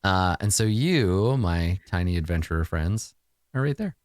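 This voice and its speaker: Male game master, rambling and animated in pitch, laughs a lot. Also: unhurried, no room sound, studio quality. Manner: chatty, rambling, laughs often. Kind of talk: narrating a tabletop game.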